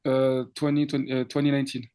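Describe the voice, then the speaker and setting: Man, lively storytelling DJ. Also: medium pitch, fast, clear, resonant tone. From France. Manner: animated, laughing, acts out quoted dialogue. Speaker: DJ guest. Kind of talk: casual storytelling interview.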